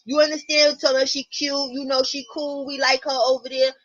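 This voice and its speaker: A woman, host of a casual livestream, telling stories to her viewers at home in a blunt, profane, animated way. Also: high-pitched, moderate pace. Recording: muffled lo-fi stream audio.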